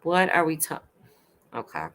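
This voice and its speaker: A woman hosting a casual late-night live stream, chatting and rambling with her viewers, full of "like" and quick to laugh. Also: sits low, big pitch swings, fairly bright tone, slight background noise.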